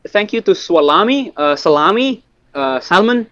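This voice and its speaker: A young man co-hosting a podcast, giving halting thank-yous full of fillers. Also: sits high, expressive, a bit bright, dull audio. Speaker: podcast co-host. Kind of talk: casual chat, listener shout-outs.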